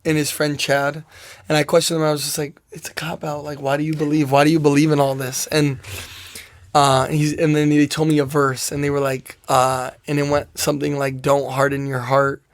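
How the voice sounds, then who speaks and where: A man's voice: fairly high pitch, flat delivery, normal speed. Rambling young man telling his story. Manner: rambling, full of "like" and "I was like" quotes. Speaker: soccer player guest. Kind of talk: casual interview storytelling.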